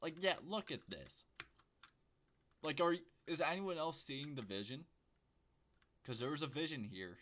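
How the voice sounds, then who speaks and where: A man streaming a video game from home, chatting and joking with viewers in a rambling, casual way on a quiet desk microphone. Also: a little high, lively intonation, measured pace, long pauses, a little hiss or hum. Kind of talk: casual livestream commentary while gaming.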